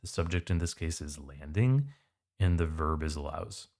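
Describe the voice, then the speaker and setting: A man's voice: very deep voice, expressive, normal speed, a little mellow. A man tutoring for the SAT, walking through test questions in a casual, conversational way. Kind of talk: test prep walkthrough.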